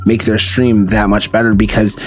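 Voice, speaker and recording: A man's voice: on the low side, little pitch movement, moderate pace. A man hosting a gaming podcast, chatting casually and often searching for words with fillers. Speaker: podcast host. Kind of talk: casual interview chat.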